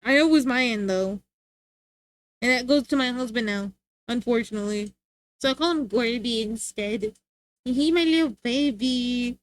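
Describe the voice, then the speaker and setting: A woman's voice: a little high, moderate pace, no room sound. A young woman streamer chatting casually, rambling and laughing often.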